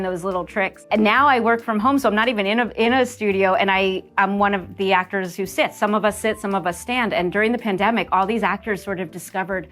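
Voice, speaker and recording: A middle-aged woman from New Jersey, a voice actress chatting casually in an interview, lively and quick to laugh. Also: medium pitch. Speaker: voice actress guest.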